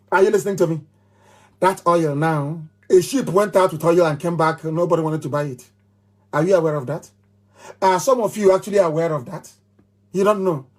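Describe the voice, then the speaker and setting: A man's voice: a little high, moderate pace, long pauses. A middle-aged man with a Nigerian accent giving a fiery live radio address, emphatic and repeating phrases like a chant. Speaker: movement leader on radio.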